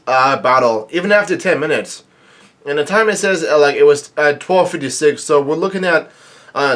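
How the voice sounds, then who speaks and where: Halting, filler-heavy man recapping a chapter. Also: a little high, a bit bright. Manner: halting, many fillers and restarts; reads quoted lines in a plain narrating voice. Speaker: manga reaction vlogger.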